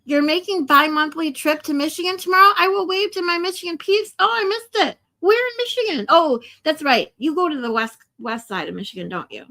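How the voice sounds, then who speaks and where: A woman chats on her livestream with a fairly high voice. She talks to viewers directly, swears freely and wears her emotions openly. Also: lively intonation, a little fast, few pauses, sharp tone. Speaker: livestream host. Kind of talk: casual livestream chat.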